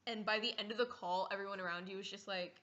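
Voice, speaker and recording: A woman's voice: mid-range voice, fairly even intonation, quick pace, bright, forceful tone, dull audio. A teenage girl vlogging casually in a playful, giggly way, acting out little scenes. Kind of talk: casual comedic vlog.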